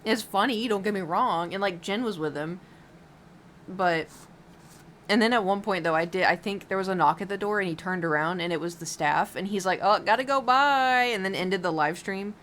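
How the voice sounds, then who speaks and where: A woman's voice: on the low side, normal speed, fairly bright tone, slight background noise. A woman streamer chatting casually while painting, rambling with lots of fillers and giggles.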